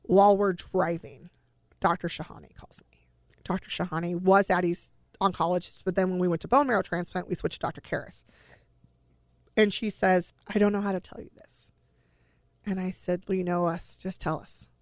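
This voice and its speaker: A woman's voice: lowish voice, fairly even intonation, normal speed, darkish tone, no room sound, studio quality. A middle-aged woman telling her own family story in a personal, emotional way, acting out the dialogue she quotes.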